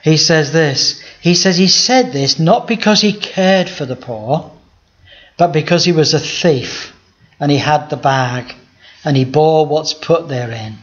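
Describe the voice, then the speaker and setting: A man's voice: fairly high pitch, unhurried, fairly bright tone. A man, a pastor giving a sermon in a conversational style, often asking the audience rhetorical questions. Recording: dull lo-fi sound.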